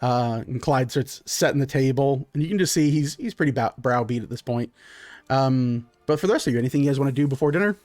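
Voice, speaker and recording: A man running a tabletop game, describing scenes in a loose, conversational way. His voice sits in a middle pitch, and the sound is close and dry with no room tone. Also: fast talker, dry recording. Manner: relaxed, conversational, with many fillers. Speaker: game master.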